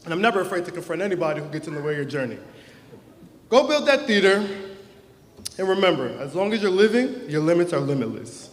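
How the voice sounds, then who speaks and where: A man's voice: high voice, animated, fast talker, slight background noise. A young man, class president, giving an earnest, heartfelt prepared speech at a graduation ceremony into a stage microphone. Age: young adult. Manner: earnest, heartfelt, emotional at times. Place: large hall or auditorium. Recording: echoey hall with long reverb.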